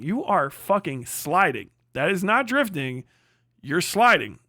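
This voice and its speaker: Foul-mouthed ranting streamer, higher voice. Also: male voice, moderate pace, no room sound, studio quality. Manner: swearing heavily, mocking, animated. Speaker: livestream host. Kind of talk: profane livestream rant.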